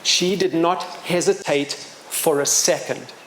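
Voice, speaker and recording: A middle-aged man with a somewhat high speaking voice tells a story to a live audience. He is animated and pokes fun at himself, and his loudness swings widely. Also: slow, slight background noise. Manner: animated, self-mocking humor, wide swings in loudness.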